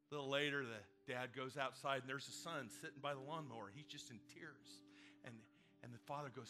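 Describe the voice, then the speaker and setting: Male pastor, earnest storyteller, bright forceful tone, soft music underneath. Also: medium pitch, brisk. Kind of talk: sermon and closing prayer.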